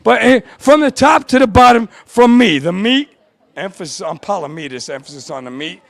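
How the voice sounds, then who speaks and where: A man with an unusually high voice gives rowdy, cursing thanks in hyped-up live banter. He is outside a music venue, and his voice sounds dry and close with no room echo. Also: animated, normal speed. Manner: rowdy, profane, shouting thanks.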